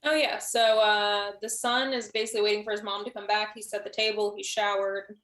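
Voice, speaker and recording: A woman chatting as a guest on a live stream, rambling through her thoughts and restarting sentences as she goes. Her voice sits in a middle pitch, and the room around her rings with a noticeable echo. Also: flat delivery, a little fast, a bit bright. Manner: rambling, thinks aloud with many restarts. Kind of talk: casual chat on a live stream.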